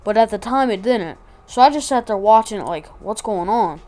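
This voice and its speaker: A woman's voice: on the high side, expressive, a little fast, mellow. A woman vlogger telling a casual story, rambling and slangy with lots of asides.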